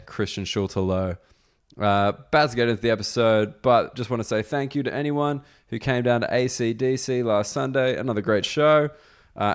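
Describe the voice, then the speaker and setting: Smooth-voiced man telling a story. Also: on the low side. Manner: loose storytelling with frequent fillers. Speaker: podcast host and comedian. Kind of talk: casual storytelling and chat.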